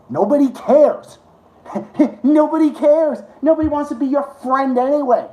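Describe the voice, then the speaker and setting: A man's voice: very high voice, a little slow, warm tone. A man hosting a live stream, ranting to his chat with heavy swearing and sarcasm. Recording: roomy echo.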